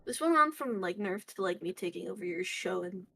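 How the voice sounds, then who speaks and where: A woman from Michigan, a guest on a stream, chatting in a silly, animated way with frequent laughter and swearing. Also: fairly low pitch, a little fast, a little hiss or hum. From Michigan, USA. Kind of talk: casual stream chat.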